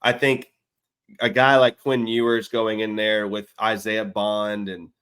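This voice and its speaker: A man's voice: lowish voice, little pitch movement, measured pace, fairly bright tone, smooth. A man co-hosting a casual football podcast, rambling and self-mocking, sometimes mimicking coaches and golfers. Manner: rambling, self-mocking, does mock voices. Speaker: podcast co-host. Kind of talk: casual sports chat.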